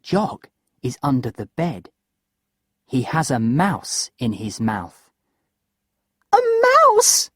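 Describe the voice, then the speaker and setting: Woman narrator, low and husky, very slow, dry close sound, storybook for learners. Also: lively intonation, darkish tone, no echo. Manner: slow, clear and deliberate.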